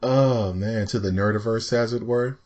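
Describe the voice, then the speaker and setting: A man's voice: fairly low pitch, normal speed, a little mellow. A man hosting a casual podcast, joking around and dropping movie references. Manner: playful, jokey, full of movie references. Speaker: podcast host.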